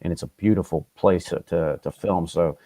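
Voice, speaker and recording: A man talking quickly and earnestly as a guest in a casual online chat, often restarting his sentences. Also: low-pitched, dark tone, no echo. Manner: fast, earnest, with frequent restarts. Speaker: guest from a sports film crew. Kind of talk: casual chat on a video call.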